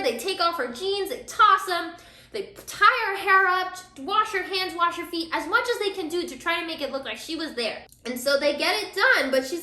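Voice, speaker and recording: A young woman with a high, sparkling voice chats through a drama recap while doing her makeup at home. She is loose and filler-heavy, slipping into the characters' lines as she goes, and the room around her rings with echo. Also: pushed and bright. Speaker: vlogger. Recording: echoey room.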